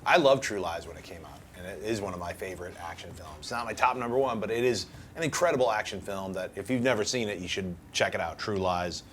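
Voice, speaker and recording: A man with a lowish voice riffing casually on a film panel. He jokes easily and lets his sentences trail off into fillers, with faint noise in the background. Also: quick pace, few pauses. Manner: relaxed, joking, trails into fillers. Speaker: movie news panelist.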